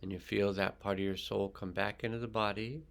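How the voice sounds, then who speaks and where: An older man, an energy healer, leading a guided healing meditation in a slow, calm and soothing way with pauses. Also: lowish voice, creaky.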